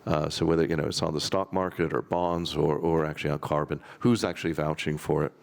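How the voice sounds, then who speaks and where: Deep gravelly man on a panel. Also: fairly even intonation, fairly quick. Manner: rambling, wry, with self-deprecating jokes. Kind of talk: conference panel discussion.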